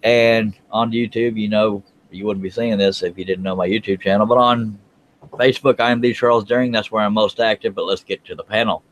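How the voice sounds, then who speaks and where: A man's voice: on the low side, fairly even intonation, a little fast, slight background noise. A man hosting a woodworking panel over a video call, chatty and teasing his guests. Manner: joking, teasing. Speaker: host of a woodworking panel show. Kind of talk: casual chat.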